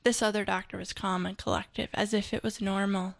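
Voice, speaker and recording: A woman's voice: mid-range voice, level tone, a little fast, creaky. A woman guest in an interview, telling her own story earnestly with frequent fillers and restarts. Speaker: interview guest, pro-life advocate.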